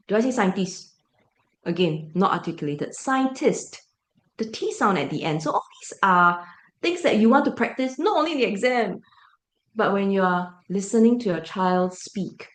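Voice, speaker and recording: A woman's voice: mid-range voice, echoey room. A woman giving a parent briefing as a teacher, emphatic and full of rhetorical check-ins.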